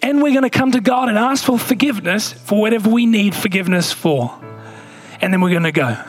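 A male pastor, preaching a sermon with animated asides while reading scripture. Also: sits high, a little fast, soft background music.

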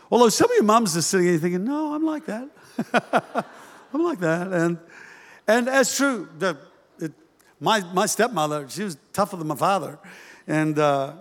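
High-voiced man preaching in a reverberant hall. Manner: animated, acts out parents' voices with humor. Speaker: pastor. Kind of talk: sermon.

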